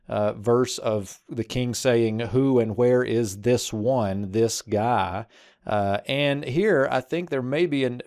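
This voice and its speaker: A man talks through a single verse like a patient teacher. He reads phrases slowly and carefully, then explains them in a plain, mid-pitched voice. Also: a little mellow, dry recording, clean studio sound. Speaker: Biblical Hebrew teacher. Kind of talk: verse-by-verse language lesson.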